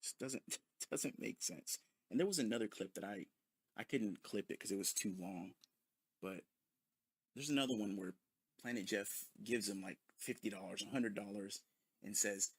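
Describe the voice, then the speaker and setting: A man's voice: on the low side, expressive, moderate pace, breathy edge, no room sound. A man ranting in a sarcastic, mocking commentary full of profanity. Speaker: commentary video host.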